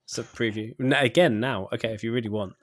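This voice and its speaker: A man's voice: mid-range voice, quick pace, a bit bright, no room sound. A man hosting a podcast in casual chat, rambling and hesitant with many fillers, laughing easily. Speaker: podcast host.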